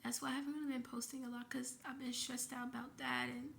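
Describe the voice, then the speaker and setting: A woman's voice: high voice, flat delivery, quick pace, vocal fry, fairly bright tone, a little hiss or hum. A woman vlogger telling an emotional personal story, shaken and grieving, in a breathless retelling with frequent swearing.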